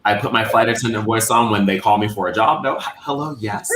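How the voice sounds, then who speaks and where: Man, low-ish voice, blunt and passionate, cusses freely, recorded in an echoey room. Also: quick pace, over a noisy crowd. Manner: loud, passionate and cussing. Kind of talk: candid group podcast chat.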